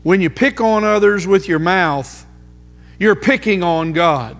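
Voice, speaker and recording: A man preaching a sermon, emphatic, slowing down to repeat key phrases for weight. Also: sits high, fairly bright tone. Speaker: pastor. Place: church sanctuary. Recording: music under voice, long hall reverb.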